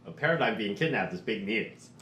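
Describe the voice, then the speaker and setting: A man's voice: on the low side, animated, brisk, a bit bright, slight background noise. Casting: dry-witted male player, echoey room. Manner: wry, joking asides. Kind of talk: tabletop game chat.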